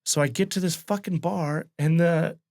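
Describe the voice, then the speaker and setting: A man's voice: on the high side, steady tone, normal speed, darkish tone. A man in his late thirties, a comedian from Wyoming, telling a loose, profane anecdote in a casual podcast chat. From Wyoming, USA. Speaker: guest comedian. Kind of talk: casual storytelling.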